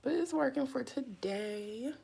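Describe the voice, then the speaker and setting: A woman's voice: high voice, animated, a little slow, vocal fry, mellow, slightly rough. A young woman, chatting casually to viewers while doing her makeup, calling them honey and y'all. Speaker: vlogger. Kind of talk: casual makeup vlog chat.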